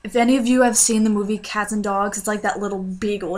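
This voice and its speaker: A woman's voice: mid-range voice, quick pace, few pauses. A young woman, probably a teen, casually rambling through a dream story, with lots of "like" and fillers, and a runny nose. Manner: chatty, lots of fillers, animated voices in quotes. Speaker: vlogger.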